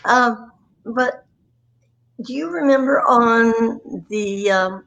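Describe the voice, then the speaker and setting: A woman's voice: on the high side, extremely slow, gravelly, a bit bright, lo-fi sound. A woman in her nineties telling rambling, self-deprecating stories from her career as a guest on a livestream. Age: 90s. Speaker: guest, voice actress. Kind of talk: storytelling interview. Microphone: remote livestream call.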